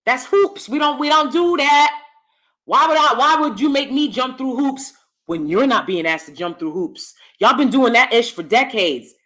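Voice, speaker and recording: A woman's voice: high-pitched, expressive, moderate pace, a bit bright. A woman vlogger giving opinionated commentary to her viewers from downstairs at home, emphatic and repeating lines for effect.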